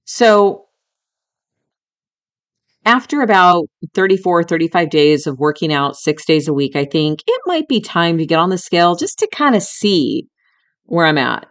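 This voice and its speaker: A woman's voice: fairly low pitch, sing-song, measured pace. Candid middle-aged woman telling her story. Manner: candid and emotional, swears, talks to listener as friend. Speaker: podcast host. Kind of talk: personal storytelling monologue.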